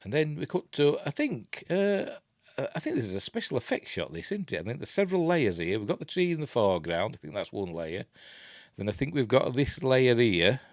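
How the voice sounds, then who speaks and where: A man's voice: fairly low pitch, dry recording, studio quality. A man with a Yorkshire accent reviewing films at home in a rambling, self-deprecating way, muttering to himself. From Yorkshire, England. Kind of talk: casual film review chat.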